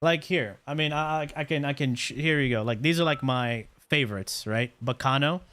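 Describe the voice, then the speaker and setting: A man streaming live, chatting casually in a rambling, excitable way with quick blunt opinions. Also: mid-range voice.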